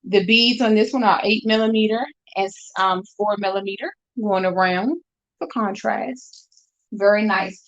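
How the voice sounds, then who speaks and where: Chatty woman selling on a live stream. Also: mid-range voice. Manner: chatty, upbeat, talks straight to viewers. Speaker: jewelry seller on a live stream. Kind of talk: casual live sales chat. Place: room at home. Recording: dull lo-fi stream audio.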